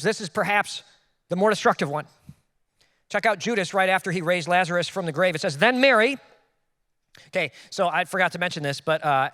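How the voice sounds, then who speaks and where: A male pastor preaching with a high, bright-sounding voice, swinging between loud emphatic bursts and quiet self-deprecating asides. His voice rings out with a long reverb, as in a church hall. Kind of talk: sermon.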